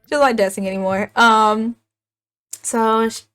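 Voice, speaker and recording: A young adult woman chatting casually as she narrates a life-sim game story, animated and quick to laugh. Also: fairly high pitch, smooth, faint music behind. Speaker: gaming YouTuber.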